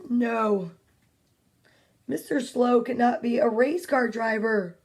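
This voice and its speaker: A woman's voice: on the high side, slow pace, long pauses, darkish tone. A woman reading children's picture books aloud at home, chatty and playful, breaking off into side comments and whispers. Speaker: children's story reader.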